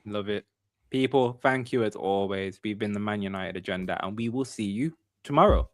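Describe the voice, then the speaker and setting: A man's voice: on the low side, moderate pace, no room sound. A man hosting a casual football fan podcast, upbeat and chatty, with frequent "um, but yeah" fillers. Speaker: podcast host.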